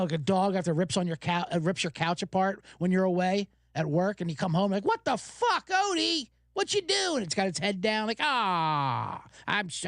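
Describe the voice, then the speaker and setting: A man hosting a podcast, telling stories in an animated, profane casual rant. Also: sits high, no echo, studio quality. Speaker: podcast host.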